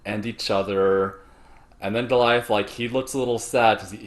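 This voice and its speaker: Joking man with low voice and a slight cough. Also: steady tone, normal speed. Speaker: podcast co-host. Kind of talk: casual chat.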